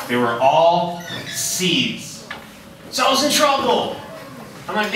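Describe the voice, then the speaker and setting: A man giving an energetic motivational talk to students, telling his story and asking the audience questions. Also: high-pitched, slow pace, pauses often. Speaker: motivational speaker. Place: middle school hall. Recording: very echoey, distant, noisy hall.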